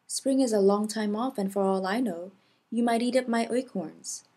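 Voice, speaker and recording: A woman's voice: medium pitch, moderate pace, husky, natural voice. A woman voicing a curt, unkind oak tree. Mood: dismissive. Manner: curt, dismissive, louder.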